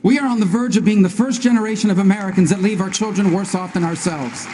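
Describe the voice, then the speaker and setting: A man speaking as a presidential candidate in a debate, in a rapid, emphatic, repetitive stump-speech style. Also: sits high, mellow, in a large hall, slight background noise. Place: large debate hall.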